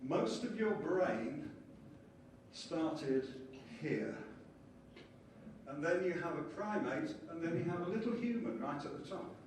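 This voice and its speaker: A man giving a lively conference lecture and explaining ideas with small acted-out scenes. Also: fairly high pitch, takes it slowly, a little hiss or hum. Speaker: conference speaker. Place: conference hall. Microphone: distant from the mic. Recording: echoey hall from far off, faint ambience.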